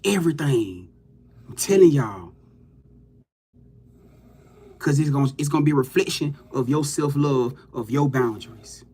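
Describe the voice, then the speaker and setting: A man's voice: medium pitch, expressive, a little slow, pauses often, dark tone, slightly rough. A man giving a loose, profane, hyped-up motivational pep talk to his viewers as a livestream host.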